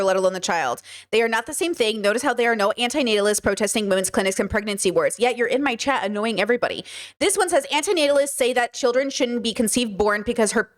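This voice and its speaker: A woman creator commenting casually to her chat, explaining her own jokes in quick asides. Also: fairly high pitch. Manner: fast, jokey, self-explaining asides. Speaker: video creator reacting to her own clip.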